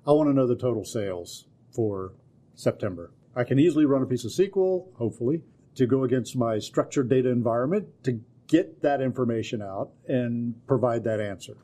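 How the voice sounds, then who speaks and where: Deadpan man explaining at length. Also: medium pitch. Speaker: co-host and technology partner. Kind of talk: casual podcast chat.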